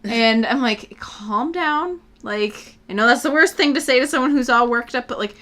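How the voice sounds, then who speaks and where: A young woman co-hosts a casual chat podcast, her voice high and bright. She tells stories in an animated way, swearing freely and acting out everyone she quotes. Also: a little fast. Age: young adult. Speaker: podcast co-host; college student.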